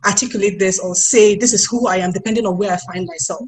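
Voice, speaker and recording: Nigerian woman in her thirties, expressive. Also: mid-range voice, fast, poor audio. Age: 30s. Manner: expressive, laughing, reflective storytelling. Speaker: panel guest. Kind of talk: webinar panel discussion.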